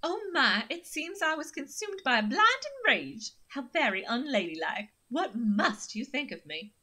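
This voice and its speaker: A woman's voice: high-pitched, sing-song, normal speed, bright, forceful tone, pitched above the performer's own voice, exaggerated voice. A woman voicing a prim, dramatic female dog with a put-on Southern belle accent, reading a horror game aloud. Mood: genteel. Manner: melodramatic, genteel.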